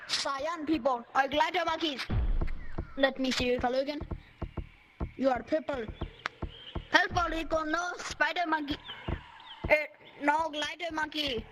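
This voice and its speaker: A woman gamer doing playful in-game role-play through a VR headset mic, excitable and dramatic, with sudden shouts. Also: high-pitched, measured pace, long pauses. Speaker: gamer making a VR game movie. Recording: noisy VR game capture.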